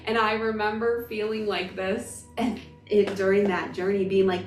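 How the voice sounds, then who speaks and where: A woman's voice: medium pitch, level tone, moderate pace, reverberant, far from the mic, soft background music. Emotional woman telling a personal story. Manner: emotional, emphatic, gushing. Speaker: spiritual vlogger.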